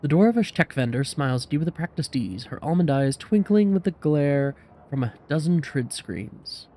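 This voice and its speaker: A man hosting a game playthrough, reading the text aloud with relaxed, self-mocking asides. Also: on the high side, moderate pace. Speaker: let's play host. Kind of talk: casual game narration and commentary.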